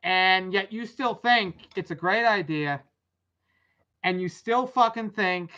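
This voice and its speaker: A woman's voice: medium pitch, unhurried, sharp tone. A young adult woman hosting a casual rambling commentary, blunt and exasperated, swearing freely. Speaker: vlog host. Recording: dull lo-fi audio.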